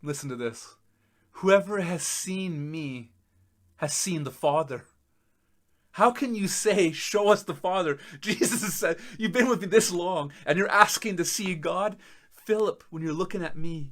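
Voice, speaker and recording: A man preaching a sermon as pastor, emphatic, laughing in disbelief and swinging between loud and soft. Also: fairly high pitch. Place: church.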